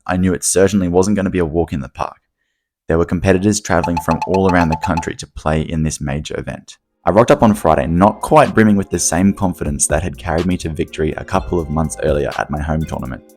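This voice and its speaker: A man's voice: low-pitched, fast talker, darkish tone, soft background music. An Australian man narrating his own vlog in a scripted voice-over, wry and self-deprecating. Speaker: vlogger narrating.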